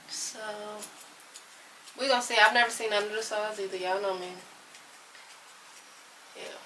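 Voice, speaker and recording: A woman in her thirties chatting casually to camera in her kitchen while cooking, animated and folksy. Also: fairly high pitch. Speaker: vlogger. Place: home kitchen, moving around. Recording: slightly distant with faint room noise.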